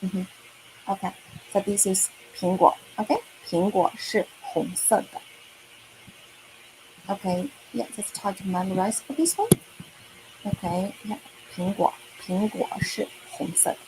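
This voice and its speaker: A woman with a Chinese accent teaching Mandarin to children in a slow, patient online lesson, repeating words and filling gaps with okay and right. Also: mid-range voice, dark tone, slight background noise, poor audio.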